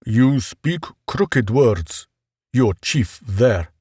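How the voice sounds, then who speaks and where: A man voicing a young tribesman who talks in clipped, broken phrases, slow and deliberate. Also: mid-range voice, animated, warm tone, husky, no room sound, studio quality, exaggerated voice. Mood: insistent. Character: young male tribesman speaking broken words, wary then friendly.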